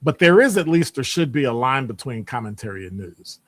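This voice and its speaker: A man's voice: medium pitch, brisk, dry recording. Chatty man hosting a stream. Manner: greets chat viewers by name, lively rises. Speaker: host of a live stream show. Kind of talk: casual live-stream chat and commentary.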